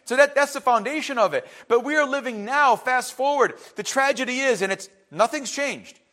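Man, fifties, preaching, impassioned, very high voice. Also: normal speed. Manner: impassioned, builds to shouting. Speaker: pastor. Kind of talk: sermon.

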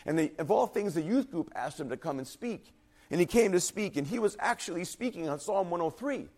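Man, pastor, sermon, fervent and emphatic, slightly high voice, faltering at times. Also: expressive, a little fast, a little mellow. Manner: earnest, emphatic preaching with rising intensity. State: voice faltering, drops quiet and husky.

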